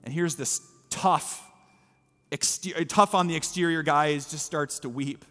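A man's voice: a little high, a little slow, a bit bright. A man preaching a sermon as pastor, telling a story earnestly in a church. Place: church sanctuary. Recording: reverberant hall with faint music.

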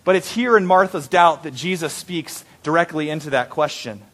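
Speaking at a moderate pace in a fairly bright, higher-pitched voice, a pastor delivers a conversational sermon. He asks his congregation questions and dramatizes quoted prayers, growing more intense as he goes.

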